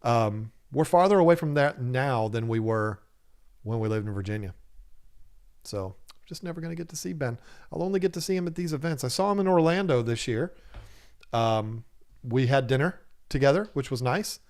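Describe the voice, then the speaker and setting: A man's voice: medium pitch, animated, normal speed, darkish tone, smooth. A man hosting a casual livestream, reading viewers' chat comments aloud and joking with them, laughing often. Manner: laughs often and talks animatedly. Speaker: livestream host of an aquarium channel.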